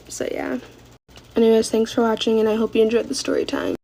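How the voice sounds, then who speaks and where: Young woman, gravelly and a bit high, casual swearing storytime vlog. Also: little pitch movement, fairly quick, mellow, poor audio. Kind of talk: storytime while getting ready.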